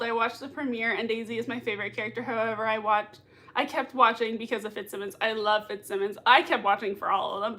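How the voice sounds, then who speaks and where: Bubbly high-voiced woman. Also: fairly bright tone. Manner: bubbly, gushing, giggly. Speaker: livestream host. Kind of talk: live chat reading. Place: home room.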